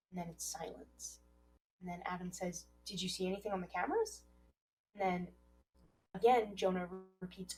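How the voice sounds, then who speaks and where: A woman's voice: fairly low pitch, normal speed, poor audio. A woman co-hosting a podcast, recapping a story in casual talk and acting out the quoted lines. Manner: animated, acts out quoted lines. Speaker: podcast co-host.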